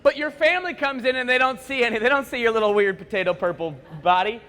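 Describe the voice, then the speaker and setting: A man giving a playful, joking speech at a school assembly, acting out quick bits of dialogue in his stories. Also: very high-pitched, a bit bright. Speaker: motivational speaker. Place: large school assembly hall. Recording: echoey hall with long reverb.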